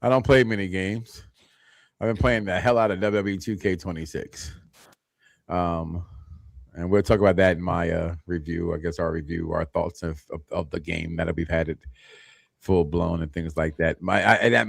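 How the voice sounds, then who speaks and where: A man with a very deep, gravelly voice, trading jokes and teasing on a gaming podcast. His talk is loose and boisterous, heard up close and dry. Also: steady tone, moderate pace, no room sound. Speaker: podcast co-host. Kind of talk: casual banter.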